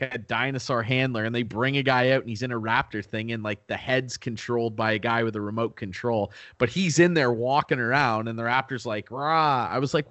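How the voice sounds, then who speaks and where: A man's voice: medium pitch, a bit bright, dry recording. A young man co-hosting a podcast, chatting casually with lots of "like" and "dude" and some swearing. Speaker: podcast co-host. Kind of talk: casual chat.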